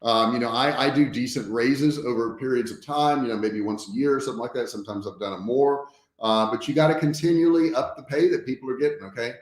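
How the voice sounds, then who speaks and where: A man's voice: mid-range voice, fast, roomy sound. A man hosting a casual business livestream, speaking frankly and emphatically, often checking in with his viewers. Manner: frank and emphatic, often tags points with "okay?". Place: home office.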